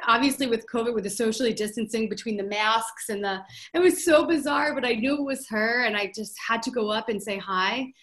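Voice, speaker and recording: A woman's voice: on the high side, fairly quick, hardly any pauses, fairly bright tone. Woman CEO telling candid personal stories. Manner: open, reflective storytelling. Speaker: showroom CEO, podcast guest. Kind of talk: candid conversational interview.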